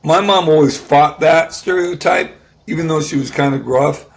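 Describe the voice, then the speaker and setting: A man in his sixties, a guest, telling an emotional personal story in a halting way, often restarting and repeating words. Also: a little high, gravelly. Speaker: guest musician.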